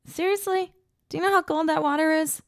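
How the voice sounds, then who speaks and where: A woman's voice: very high-pitched, fairly even intonation, a little fast, no room sound, studio quality, pitched above the performer's own voice. A woman voicing a playful young heroine in an audiobook, teasing and protesting in a raised, squealing voice.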